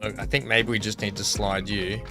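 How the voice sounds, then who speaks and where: A man's voice: lowish voice, flat delivery, normal speed, music in the background. A man live-streaming a game, thinking aloud in a rambling, casual way and chatting with his viewers. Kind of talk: casual live-stream chat while gaming.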